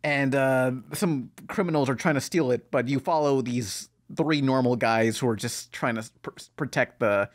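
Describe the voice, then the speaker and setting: A man's voice: mid-range voice, normal speed, few pauses. A man hosting a podcast, chatting casually and rambling with profane asides. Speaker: podcast host. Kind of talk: casual chat.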